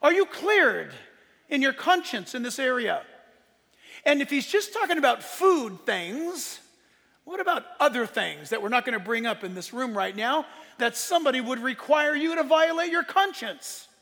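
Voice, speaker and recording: A man preaching a sermon as pastor, animated and joking, often laughing and shouting in a church. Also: extremely high pitch, normal speed, vocal fry, long reverb tail.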